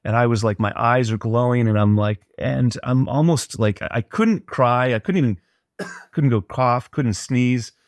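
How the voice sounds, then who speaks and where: A man's voice: mid-range voice, a little slow, dry recording, clean studio sound. A middle-aged man, a podcast guest, earnestly and reflectively retelling a personal story in conversation.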